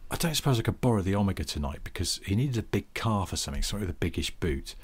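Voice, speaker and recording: Middle-aged male co-host, deep husky voice, anecdotal and profane. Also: sing-song, rapid-fire. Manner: swearing, anecdotal storyteller. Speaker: podcast co-host. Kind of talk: casual chat.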